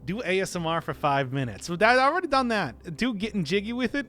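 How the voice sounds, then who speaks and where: A man's voice: high-pitched, very animated, quick pace, a bit bright. A male streamer chatting casually and playfully with his audience, laughing often. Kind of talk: casual live-stream chat.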